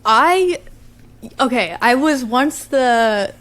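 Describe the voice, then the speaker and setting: A woman's voice: a little high, animated, very slow, fairly bright tone. A woman on a podcast, a band member, reacting with amused jokes in casual chat.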